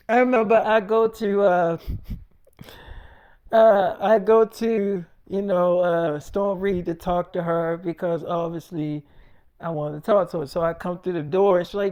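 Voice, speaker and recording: A man telling a casual story, acting out both sides of a conversation and swearing freely. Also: high-pitched.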